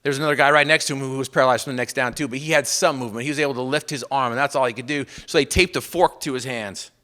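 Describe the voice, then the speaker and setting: Bright-voiced man giving a motivational talk. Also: mid-range voice, fairly even intonation, racing. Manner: swings between loud emphatic bursts and hushed intimate lines; storytelling with repeated refrains. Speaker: motivational speaker. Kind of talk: motivational speech to an audience.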